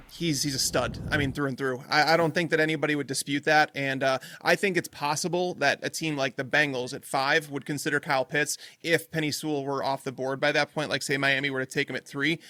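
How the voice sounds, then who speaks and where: A man's voice: on the high side, pushed and bright, dry recording. A man on a sports podcast panel, talking through picks with stumbling restarts. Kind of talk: casual sports chat.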